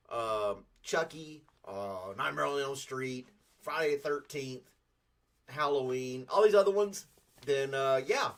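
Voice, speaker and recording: A man's voice: on the high side, a bit bright. A man with a Southern US accent hosting a casual morning livestream chat, rambling in a folksy way and greeting viewers by name. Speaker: host.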